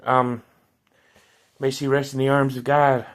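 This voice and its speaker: A man's voice: medium pitch, flat delivery, measured pace. A man hosting a casual vlog, talking loosely with frequent ums and restarts while reading aloud. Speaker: toy collector reviewing action figures.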